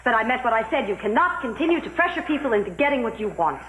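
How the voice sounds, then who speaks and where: A high-pitched, composed voice: a patient wife in a 1980s TV soap opera. She stays calm and firm while she gently reproaches her forceful husband. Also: fast, echoey room, poor audio. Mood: reproachful.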